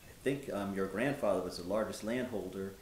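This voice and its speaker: A calm, respectful man of the 1790s, as a reenactor plays him reads off names and dates with steady pauses and frequent ums. His voice is on the low side. The recording is roomy, with a faint rumble underneath. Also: natural voice. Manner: measured, listing facts with many ums. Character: man giving news of freed neighbors, respectful and steady. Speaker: historical reenactor. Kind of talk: historical reenactment dialogue.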